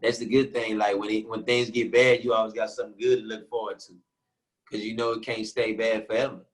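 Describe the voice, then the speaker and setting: A man's voice: lowish voice, level tone, brisk, low-quality recording. A man from Houston, a guest musician in a casual interview over a video call, laid-back and rambling with lots of fillers. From Houston, Texas.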